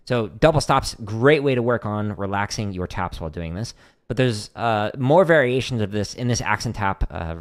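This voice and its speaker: A man teaching drum technique on a livestream, answering viewer questions in a relaxed, explanatory way with lots of fillers. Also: on the low side.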